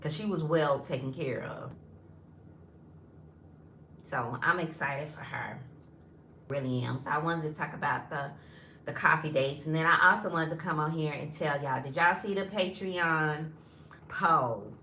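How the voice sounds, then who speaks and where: Woman, 50s, animated chatty vlogger, slightly low and bright voice, roomy echo. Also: a little slow, pauses often, a little hiss or hum. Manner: chatty and animated, addresses viewers as y'all. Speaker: lifestyle vlogger. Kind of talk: casual storytelling vlog.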